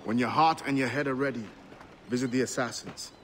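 An actor voicing a loyal male sailor comrade who speaks calmly and earnestly in a game cutscene. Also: mid-range voice, a little fast, noisy background, close to an everyday voice. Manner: calm and earnest.

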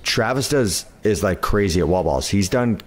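A man's voice: lowish voice, animated, normal speed. A man around thirty in casual podcast chat, easygoing and sprinkling his talk with "like". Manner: easygoing, loose with "like" fillers. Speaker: podcast guest.

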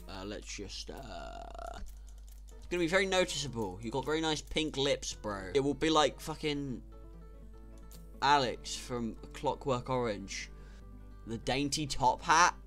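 A young man giving casual, sarcastic gameplay commentary, swearing and breaking into sudden loud outbursts. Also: mid-range voice. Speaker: gaming YouTuber.

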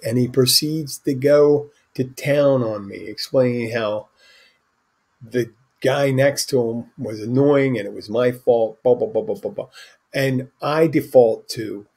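A man's voice: mid-range voice, unhurried, a little mellow, slightly rough. A man hosting a podcast, telling a bartending story in a rambling, anecdotal way with restarts and asides. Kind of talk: casual storytelling monologue.

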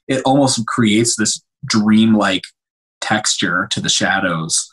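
A young man, a cinematographer, chatting casually on a podcast in an animated, emotional way with many restarts. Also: on the low side, takes it slowly, slightly rough. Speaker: cinematographer guest.

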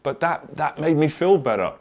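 A man, a confidence coach, telling his own story to camera in a candid, earnest way with frequent halting restarts. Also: on the high side, expressive, darkish tone. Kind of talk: personal story told to camera.

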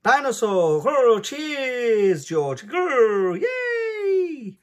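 A man reading a storybook aloud and voicing a small toddler boy piglet who shouts and growls. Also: mid-range voice, huge pitch swings, slow pace, full character voice. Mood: excited. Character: tiny toddler boy piglet, loud and excited.

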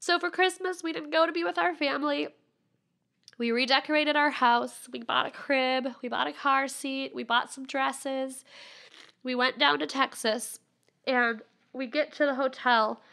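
A woman's voice: high-pitched, steady tone, unhurried, creaky, bright, forceful tone. A woman in her thirties, a podcast guest candidly telling a personal story.

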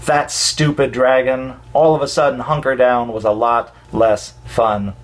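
Man reading a children's storybook. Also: medium pitch. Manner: warm, expressive storybook delivery with dramatic pauses.

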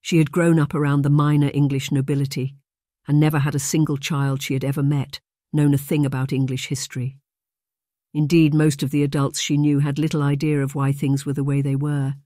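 Measured audiobook narrator, dry sound. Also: medium pitch, flat delivery, warm tone, dry recording. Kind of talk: scripted narration.

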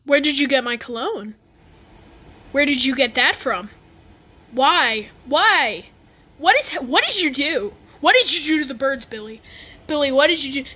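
A woman with a high, bright voice reacts to a music video with comic bewilderment. She stammers and restarts as she fires off exasperated questions at the screen. It is loose, running commentary. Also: lively intonation, unhurried, long pauses.

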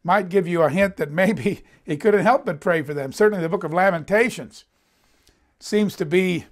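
A Bible teacher with a high voice gives a conversational sermon at a moderate pace, presenting in front of a board. He reads scripture aloud, comments on it, and voices the quoted lines with emphasis.

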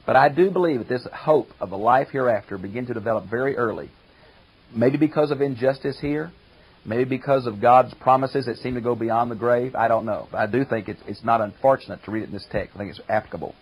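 An older man and pastor teaching a Bible commentary lecture, emphatic, slowing down to stress quoted verses. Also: medium pitch, breathy edge, low-quality recording.

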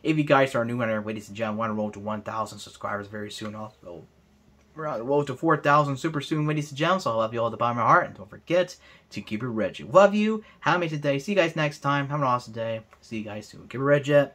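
A man's voice: medium pitch, racing, sharp tone. A young man hosting a racing game let's play, talking to viewers and repeating his frustration as he races. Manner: frustrated, repetitive, talks to viewers. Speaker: gaming channel host.

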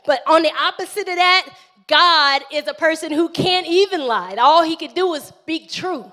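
High-voiced woman pastor preaching. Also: moderate pace. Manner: animated preaching, calls for amens, acts out prayers. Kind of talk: live sermon.

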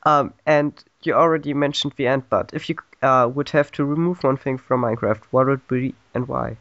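A man's voice: medium pitch, steady tone, a little fast, fairly bright tone, no echo. A man in a mid-range voice hosts an online interview, reading questions aloud and laughing along between them. The sound is dry, with a muffled lo-fi call quality. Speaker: interviewer, host.

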